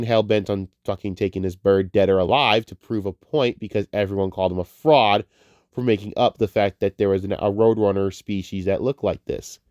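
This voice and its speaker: A man getting over a cold gives a rambling, excitable, profane spoken film review. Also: lowish voice, no room sound, clean studio sound. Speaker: movie reviewer.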